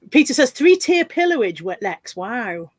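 A woman's voice: on the high side, big pitch swings, a little slow, no echo, studio quality. A woman hosting a casual live stream, giggling, swearing and reading out viewer comments. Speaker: livestream host.

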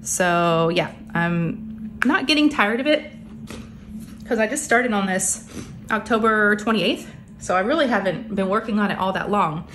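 A woman's voice: medium pitch, animated, unhurried, a bit bright. Chatty woman crafting at home. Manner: chatty, rambling, many fillers. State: a little out of breath, under the weather. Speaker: crafting vlogger. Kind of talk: casual chat while crafting. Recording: faint background hum of printers.

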